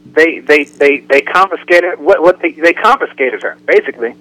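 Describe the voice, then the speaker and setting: A man's voice: a little high, moderate pace, rough recording. A man co-hosting a casual radio talk show, telling jokes and acting out the way people talk. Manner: joking storyteller, animated impressions.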